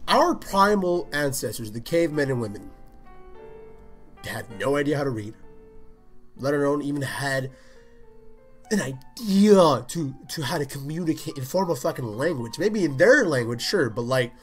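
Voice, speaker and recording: A young man hosting his own podcast, telling a story in a casual, animated rant, swearing freely and acting out what people said. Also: a little high, normal speed, breathy edge, soft background music. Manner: animated, swears a lot, acts out quotes in voices. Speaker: podcast host.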